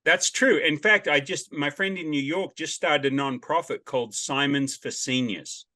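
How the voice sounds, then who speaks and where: Chatty guy hosting a podcast on a video call, bright tone, loves telling stories. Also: a little high, moderate pace. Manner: chatty, animated storyteller. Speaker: podcast host. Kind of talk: casual interview chat.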